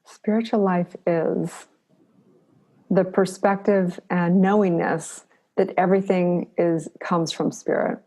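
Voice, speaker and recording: A middle-aged woman answers interview questions in a low voice with plenty of vocal fry. She sounds earnest and encouraging. She often repeats a phrase to drive her point home. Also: steady tone, takes it slowly, dark tone. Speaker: podcast guest.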